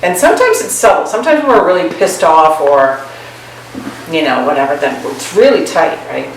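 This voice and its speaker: Woman Zen teacher, casual storytelling dharma talk, slightly low voice, distant mic, strong room echo. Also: very animated, normal speed, a little hiss or hum. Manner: chatty, laughing often, self-mocking stories. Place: meditation hall. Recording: echoey room, mic far off.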